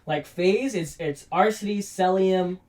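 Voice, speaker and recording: A man's voice: high voice, a little slow, darkish tone, distant mic, slight background noise. Profane esports-fan man, off-mic. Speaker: podcast co-host. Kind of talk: casual podcast chat. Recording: voice from off the mic, flawed audio.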